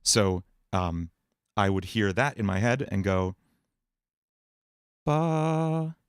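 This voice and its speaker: A man hosting a livestream Q&A about singing and voice, explaining in a relaxed way with many fillers. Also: low voice, a little slow, smooth, no echo, studio quality. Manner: relaxed explaining, many fillers, breaks into sung and put-on voice demos. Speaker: music producer and livestream host.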